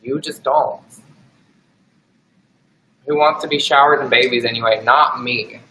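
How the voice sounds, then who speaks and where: A man's voice: mid-range voice, fairly even intonation, a little slow, sharp tone, roomy sound, rough recording. A young man hosting a casual livestream from home, joking and chatting with his dog. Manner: playful, talks to his dog in a teasing voice. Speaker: livestream host.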